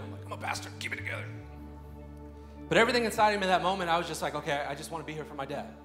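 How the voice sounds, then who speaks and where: A man in his thirties preaching a sermon, moving between quiet personal storytelling and loud, fervent prayer. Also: on the high side. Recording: echoey room with faint music.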